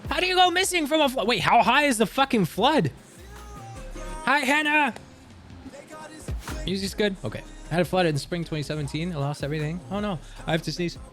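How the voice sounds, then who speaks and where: A man's voice: sits high, expressive, brisk, pauses often, a bit bright. A young man streaming from Canada, chatting casually with viewers, rambling and swearing as he reads chat aloud. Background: faint music.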